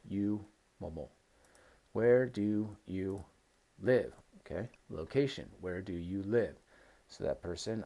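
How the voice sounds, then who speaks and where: Young male teacher, patient drill style, lowish mellow tone. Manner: patient, repeats phrases slowly for learners. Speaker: English teacher. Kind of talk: recorded classroom lesson.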